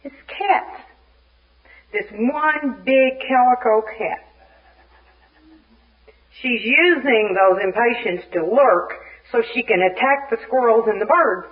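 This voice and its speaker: A woman's voice: on the high side, slow. A woman from Arkansas giving a humorous personal share at a recovery meeting, acting out scenes as she talks. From Little Rock, Arkansas. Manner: animated, comic storyteller who acts out scenes. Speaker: speaker at a recovery fellowship meeting. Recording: dull lo-fi archive tape.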